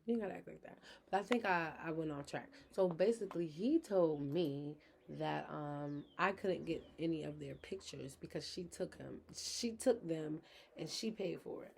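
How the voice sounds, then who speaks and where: Vlogger mom, frank and chatty, talks straight to camera; faint noise underneath. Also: female voice, low-pitched, a little slow, vocal fry, darkish tone. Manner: frank, chatty, addresses viewers directly. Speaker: vlogger, mother of her kids. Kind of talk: candid personal vlog talk.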